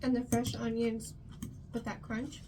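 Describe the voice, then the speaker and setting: Relaxed woman tasting food. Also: on the high side, a little slow, noisy background. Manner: relaxed, agreeable, lots of mm-hmms. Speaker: co-host tasting the meal. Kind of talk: casual chat.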